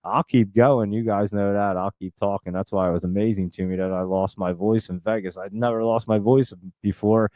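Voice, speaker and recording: A man hosting a live stock-market stream, talking very fast in a chatty, rambling way and laughing often. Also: on the low side, steady tone, darkish tone, no room sound. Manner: talks extremely fast and nonstop. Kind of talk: casual live-stream chat.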